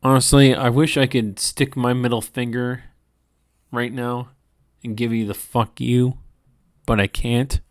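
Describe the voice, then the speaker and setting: A tired man hosting a gaming channel, ranting in a halting, profane monologue with frequent restarts. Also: medium pitch, level tone, no room sound, clean studio sound. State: tired from lack of sleep.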